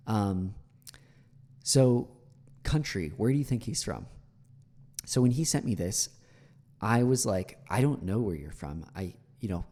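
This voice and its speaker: Mellow-voiced American man in a reverberant room. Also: sits low. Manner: chatty, many fillers, repeats words for analysis. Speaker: English teacher. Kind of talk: critiquing a speech clip.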